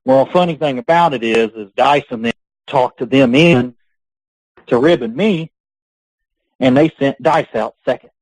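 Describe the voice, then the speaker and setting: A man's voice: mid-range voice, a little slow, long pauses, no room sound, rough recording. A man being interviewed on a podcast, telling long rambling stories and laughing between them. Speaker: guest, pro wrestler. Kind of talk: casual podcast interview storytelling.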